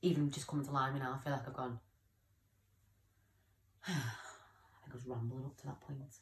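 A woman's voice: rumbling low, steady tone, normal speed, echoey room. A young woman talking candidly in a personal vlog, rambling and often losing her train of thought. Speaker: vlogger.

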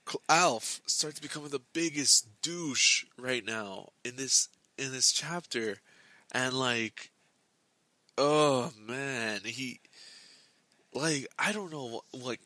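A young man hosting a casual book club talk, rambling with lots of halting restarts and fillers, recorded on a close mic. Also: medium pitch, bright, forceful tone, no room sound.

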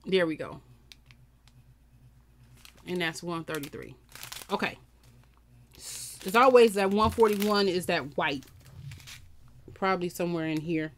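A woman's voice: fairly low pitch, slow, pauses often, a little hiss or hum. A woman with chatting casually to viewers while unboxing a crafting kit. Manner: chatty, talks to viewers and camera. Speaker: crafting vlogger.

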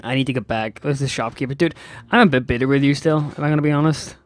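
A young man giving sarcastic, excitable let's-play commentary to his viewers. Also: medium pitch, fast. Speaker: gaming YouTuber.

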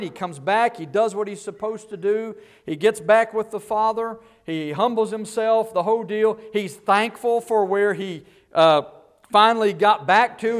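A guest preacher delivers a Baptist sermon in a fairly high male voice, repeatedly posing rhetorical questions to his listeners. His delivery swings between loud bursts and quiet, low asides.

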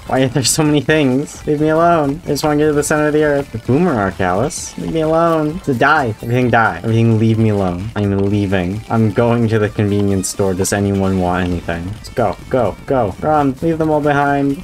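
A man with a fairly low voice narrates his own gameplay, bouncing between exasperation and self-mocking jokes. He talks straight to the game and its monsters as if they could hear him. Soft game music plays quietly underneath. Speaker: gaming YouTuber. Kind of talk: comedic gameplay commentary.

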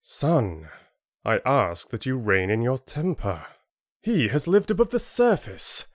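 A man voicing a calm, patient middle-aged father with a measured, gentle way of speaking in an audiobook. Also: medium pitch, dry recording, studio quality, voice pushed up.

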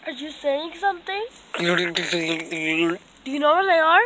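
A woman's voice: very high-pitched, unhurried, background noise. A woman doing a terrified, trembling captive. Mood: scared. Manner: shaky, stammering, cries out. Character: frightened captive animatronic, defiant when cornered. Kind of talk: amateur voice acting for a fan animation.

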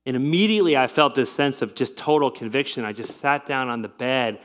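A middle-aged man preaching a sermon as pastor, earnest and confessional, with frequent restarts and a voice that drops soft and low in personal stories. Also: a little fast. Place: church sanctuary.

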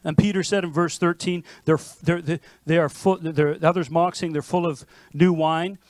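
A man preaching a sermon as pastor, in a lively conversational manner with frequent restarts. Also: a little high, moderate pace, dry recording. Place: church sanctuary.

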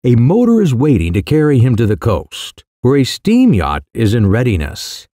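A man voicing a sly young mischief-maker who delivers outrageous news in a calm, careless, mock-serious way. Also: medium pitch, moderate pace, dry recording, clean studio sound. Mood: cool, mock-grave.

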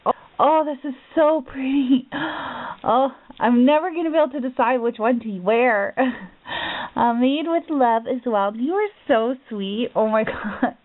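A woman's voice: high-pitched, a little slow, dry recording. A woman craft vlogger opening a gift package, gushing with gasps and repeated exclamations. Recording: tinny phone-like audio.

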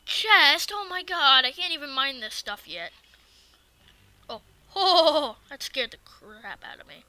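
A woman giving casual let's-play commentary, excitable and talking back to the game's enemies. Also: high voice, takes it slowly, dry recording. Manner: excitable, swears and talks to the game enemies. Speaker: gaming video creator.

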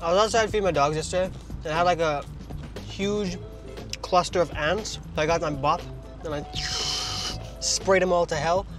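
Young guy, fairly high voice, rambly and jokey, phone-recorded in a parked car. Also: moderate pace, long pauses, over music. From Trinidad. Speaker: vlogger. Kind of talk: casual car vlog while eating.

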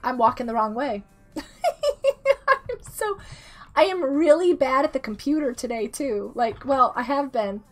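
A woman in her thirties, sick with a rough throat, chatting casually and giggling as she greets viewers during a game stream. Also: high-pitched, big pitch swings, a little slow. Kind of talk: casual live-stream chat while gaming. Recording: faint music behind the voice.

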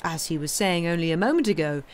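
A woman's voice: lowish voice, animated, fast talker, slight background noise, close to an everyday voice. A woman reading aloud, voicing a wealthy nobleman who speaks with cool, polished irony. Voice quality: smooth, coldly ironic. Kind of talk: reading a novel aloud on a livestream.

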